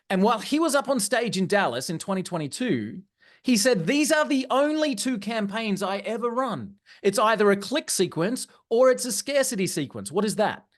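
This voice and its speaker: A marketing trainer giving an animated live seminar talk to a room, repeating key phrases for emphasis. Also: mid-range voice.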